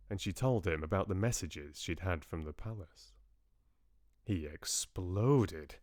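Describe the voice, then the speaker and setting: A man reading a novel aloud on a livestream in a measured, expressive way. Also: sits low, no room sound, clean studio sound. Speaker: book club host reading aloud. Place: home livestream.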